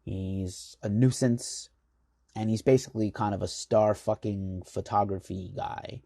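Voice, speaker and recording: Brief: low, gravelly, husky American man, casual rambling host storytelling. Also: steady tone, a little slow, dark tone, no room sound, clean studio sound. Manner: rambling, filler-heavy, enthusiastic. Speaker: magazine chief editor hosting the show.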